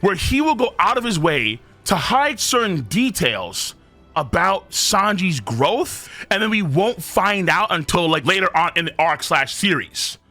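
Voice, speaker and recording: Male comic reviewer, bright and forceful tone, casual animated delivery, faint music bed. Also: sits high, no room sound. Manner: animated, puts on quick voices for characters. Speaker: host reviewing manga chapters. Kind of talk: casual commentary.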